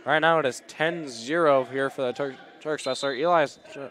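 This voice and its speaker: A man doing live play-by-play commentary at a school wrestling meet, excitable and rambling, often stopping to apologize. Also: mid-range voice, moderate pace. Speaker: play-by-play announcer. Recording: loud gym crowd noise. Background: cheering crowd and shouting coach.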